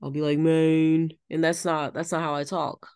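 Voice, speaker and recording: A woman's voice: deep voice, little pitch movement, fairly quick, no echo, studio quality. A woman co-hosting a podcast in casual chat, thoughtful and searching for her words as she explains herself. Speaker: podcast co-host.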